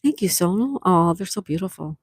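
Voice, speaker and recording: Middle-aged woman livestream host, low gravelly voice, dry close sound, friendly comment-reading chat. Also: animated, brisk, dry recording. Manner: chatty, reads viewer comments aloud and thanks them; soft-spoken with sweet exclamations. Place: outdoors near calm water.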